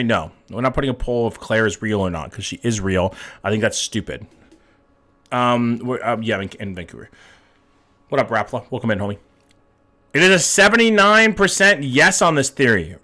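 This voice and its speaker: A man's voice: medium pitch, bright, forceful tone. A young man hosting a live stream, chatting casually with viewers, reading chat aloud and swearing often. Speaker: livestream host reading chat.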